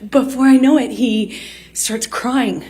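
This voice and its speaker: A woman in her thirties testifying in court, halting and restarting often with many fillers. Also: fairly high pitch, mellow, slightly rough.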